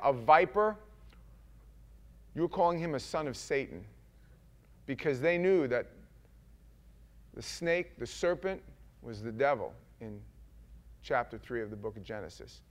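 Male preacher, sermon, mid-pitched, conversational with slang, swings from soft asides to loud emphatic readings.

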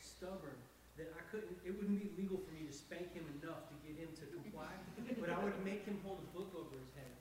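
High-voiced man, quick, far off in a crowd. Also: darkish tone, reverberant, slight background noise. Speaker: group member sharing a story. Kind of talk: casual storytelling.

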